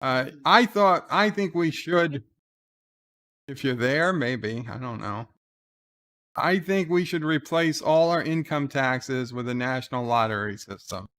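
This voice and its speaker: Slow, smooth-voiced man reading chat. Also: mid-range voice, fairly bright tone. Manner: laid-back, halting, frequent "uh" before each comment. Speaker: livestream host. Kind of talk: reading live chat comments aloud.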